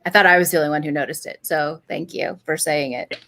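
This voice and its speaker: A woman co-hosting a casual TV recap chat, answering with quick, agreeable affirmations. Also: low-pitched, creaky, pushed and bright, no room sound. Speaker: co-host.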